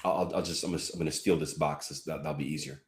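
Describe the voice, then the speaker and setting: A man's voice: extremely low pitch, fairly even intonation, fast, echoey room. A man teaching a live trading lesson in a conversational way, walking through charts and reading viewer comments aloud. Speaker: trading coach.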